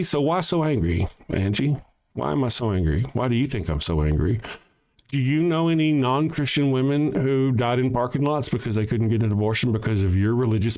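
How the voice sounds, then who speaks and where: Man, livestream host, heated commentary, sarcastic, profane, confrontational, halting restarts. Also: mid-range voice, darkish tone. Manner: frequent restarts and trailing sentences.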